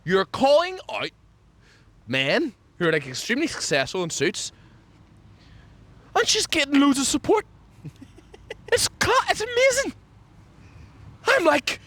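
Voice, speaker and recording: A man talking casually outdoors as a podcast co-host, ranting in a jokey way. His voice sits fairly high and swoops about a lot. The sound is dry and close, with little room echo. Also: normal speed, pauses often. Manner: animated, jokey rant with sudden pitch jumps. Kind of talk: casual chat. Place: outdoors, people walking past.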